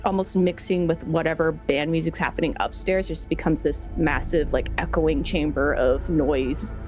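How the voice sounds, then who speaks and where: A woman's voice: sits low, fairly even intonation, normal speed, darkish tone, soft background music, rough recording. A woman playing in a tabletop role-playing game, describing her character's actions casually with many "like"s. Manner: casual, many "like"s, laughs easily. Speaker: player.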